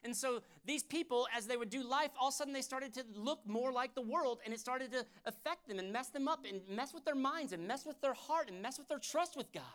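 A man's voice: extremely high pitch, brisk, few pauses. Fervent man preaching a sermon. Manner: fervent, conversational preaching that swings from hushed to loud. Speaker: pastor.

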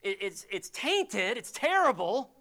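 A man's voice: high-pitched, big pitch swings, a little slow, pushed and bright. A man preaching a sermon as a pastor, in a conversational, emphatic storytelling way.

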